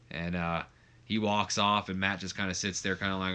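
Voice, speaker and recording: A man's voice: sits low, flat delivery, moderate pace, bright, forceful tone, clean tone. A young man casually narrating a game, rambling with lots of fillers and restarts. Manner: rambling, many fillers and restarts, says like a lot. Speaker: let's play commentator.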